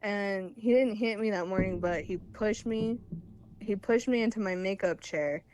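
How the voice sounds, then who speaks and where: A young woman calling in to tell a personal story in a candid, rambling way, with quick laughs between phrases. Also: medium pitch, a little mellow. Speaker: caller sharing her story.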